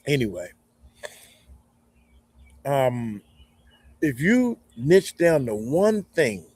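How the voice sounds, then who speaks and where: A man's voice: medium pitch, husky, dry recording. A man hosting a casual live stream, giving folksy, rambling advice with side tangents. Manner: folksy, animated, rambling with digressions. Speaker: YouTube growth coach, live stream host.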